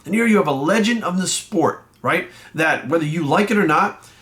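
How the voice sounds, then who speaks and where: A bodybuilding coach and vlogger rants to camera in a fairly high, expressive, fairly bright voice at a moderate pace. He's blunt and angry, swearing heavily as his temper keeps rising.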